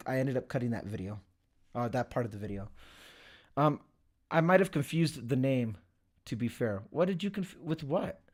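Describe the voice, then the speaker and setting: A young man hosts a casual livestream, his voice on the high side with a fairly bright tone. He rambles, swears, laughs often and reads the chat while talking to viewers.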